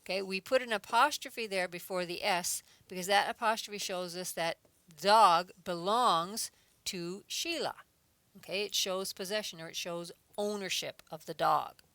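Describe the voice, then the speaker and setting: A woman's voice: medium pitch, a little slow, bright, forceful tone, no room sound. A woman teaching an adult English class, patiently explaining grammar step by step with examples and checking in with a frequent "okay.". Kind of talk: recorded adult English lesson.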